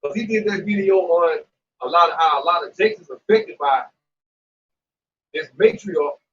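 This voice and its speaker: A man's voice: fairly high pitch, moderate pace. A man talking scripture in a casual group, preachy and blunt, with plenty of swearing. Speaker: Hebrew Israelite member discussing scripture. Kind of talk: casual religious discussion. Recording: distant dull mic with faint noise.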